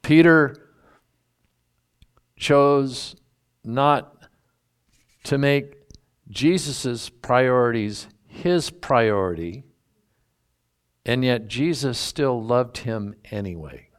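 A man's voice: mid-range voice, very slow, long pauses, clean tone. A man preaching a sermon, teaching through a Bible passage in a folksy, emphatic way and drawing out key words. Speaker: pastor.

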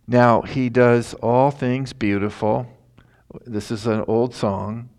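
A man's voice: on the low side, fairly even intonation, slow, darkish tone. A man preaching a sermon in a conversational, folksy way that rises into emphatic passages.

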